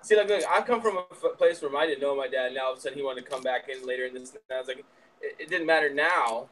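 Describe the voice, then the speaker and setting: A man's voice: mid-range voice, quick pace, a bit bright, a little hiss or hum, low-quality recording. A man in casual chat giving blunt, profane advice to a friend.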